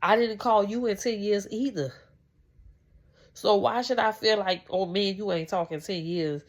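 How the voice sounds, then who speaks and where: A woman's voice: medium pitch, a little slow. A woman vlogger talking casually about faith and family, rambling and heartfelt, with many restarts. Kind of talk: casual faith talk to camera.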